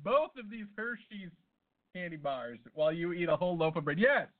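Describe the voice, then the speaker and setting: A man with a slightly high voice co-hosts a loose comedy podcast and spins absurd stories in a deadpan manner. His voice comes through thin and tinny, like a phone line. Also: brisk. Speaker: podcast co-host. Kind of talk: casual comedic banter.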